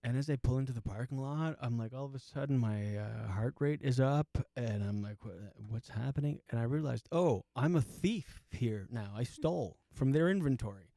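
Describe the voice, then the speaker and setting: A man's voice: mid-range voice, normal speed, vocal fry, hardly any pauses, mellow, dry recording, studio quality. A man in his forties telling a comic story, rambling and self-mocking, with lots of restarts and asides. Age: 40s. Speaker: comedian host. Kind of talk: comedic storytelling monologue.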